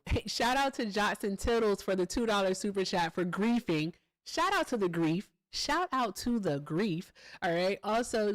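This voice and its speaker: A woman's voice: mid-range voice, dry recording. Chatty, laughing livestream host woman. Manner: chatty, laughs often, swears freely. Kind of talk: casual live-stream chat, thanking donors.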